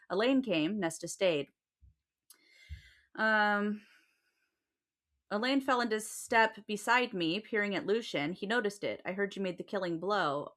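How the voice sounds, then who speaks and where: A woman's voice: mid-range voice, fairly bright tone. A woman co-hosting a book podcast, reading passages aloud with brief casual asides. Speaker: podcast co-host.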